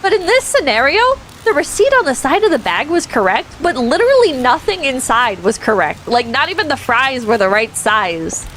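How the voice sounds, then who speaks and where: A woman with a bright, high-pitched voice tells a rambling story in a relaxed, chatty way. She laughs often and swears freely as she goes. A faint background hum sits under her voice. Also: normal speed, few pauses, rough recording. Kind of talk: casual storytelling on a stream.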